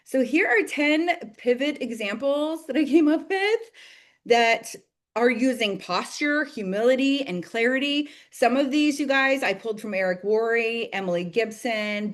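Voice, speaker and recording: Chatty, enthusiastic woman leading a team call. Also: fairly high pitch. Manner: chatty and enthusiastic, many "like"s and "you guys"; bursts of laughter and excited acted-out quotes. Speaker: team leader of a direct-sales group. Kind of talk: casual motivational team call.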